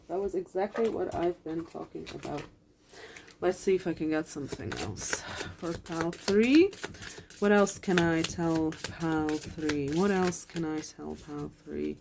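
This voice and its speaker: Low-voiced woman giving a card reading. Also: a little slow, vocal fry, background noise. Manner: earnest and reassuring, repeats phrases, swears casually. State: close to tears. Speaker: tarot card reader. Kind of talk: pick-a-card reading, spoken to viewers.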